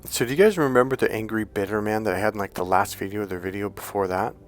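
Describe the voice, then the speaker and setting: A man's voice: on the low side, fast talker, soft background music. A man coaching other men on dating in a casual monologue, blunt and profane, and he mocks people with put-on voices.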